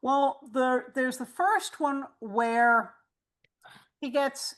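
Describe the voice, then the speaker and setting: High-voiced woman hosting a fan chat. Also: very slow, fairly bright tone. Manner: recaps plots at length, explanatory. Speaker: host. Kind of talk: casual chat.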